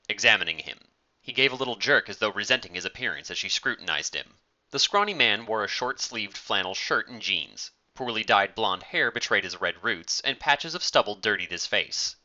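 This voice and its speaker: A male narrator reading a story with a lively, rising-and-falling delivery. His low-ish voice has a sharp, bright edge, heard through a muffled lo-fi recording. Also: a little fast. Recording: dull lo-fi recording.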